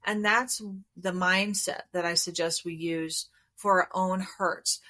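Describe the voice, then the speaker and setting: Calm woman therapist explaining patiently. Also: lowish voice. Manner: calm, measured, explanatory, acts out inner voices. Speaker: therapist guest. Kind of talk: podcast interview, explaining.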